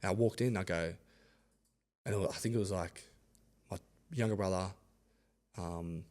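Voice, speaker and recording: A young Australian rugby league player in his twenties, appearing as a podcast guest, tells stories casually in a low-pitched voice at a moderate pace. He is animated, acts out what other people said, and laughs often.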